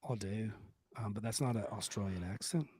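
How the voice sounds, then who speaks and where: A man's voice: lowish voice, brisk, mellow, slightly rough, dry recording. A man co-hosting a comedy podcast, rambling with crude jokes and lots of fillers. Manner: vulgar, joking, rambling with fillers. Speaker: podcast co-host.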